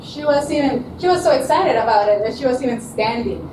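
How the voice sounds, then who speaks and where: A woman's voice: sits high, fairly quick, background noise. A woman student giving a presentation at a showcase, telling stories with animation, often laughing and acting out what people said. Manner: animated storyteller, laughs often, acts out quotes. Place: presentation room. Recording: echoey room, mic from far off.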